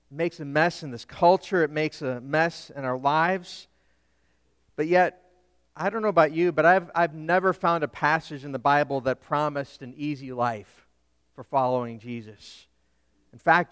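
A man's voice: on the high side, a bit bright, clear, resonant tone, big-room sound. A man, a Lutheran pastor, preaching a sermon emphatically and putting questions to the congregation.

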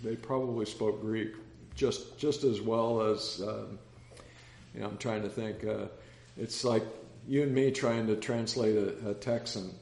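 A man's voice: on the low side, steady tone, a little slow, creaky, darkish tone. A man teaching a casual Bible study, chatty and rambling, telling anecdotes with many restarts. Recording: roomy echo.

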